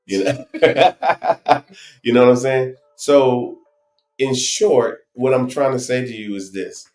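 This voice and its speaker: A man with a New Jersey accent co-hosting a casual travel live stream, rambling and animated with lots of restarts. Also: medium pitch, takes it slowly, roomy sound, faint music behind. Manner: animated, rambling, many restarts and "you know". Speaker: travel show co-host.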